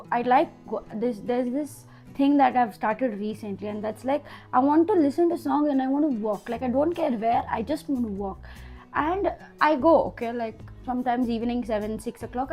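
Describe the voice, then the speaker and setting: A woman's voice: on the high side, a little mellow. A young woman with an Indian English accent, candidly recounting a hard time in a personal vlog, her voice a bit nasal. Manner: candid, emotional, restarts often. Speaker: vlogger.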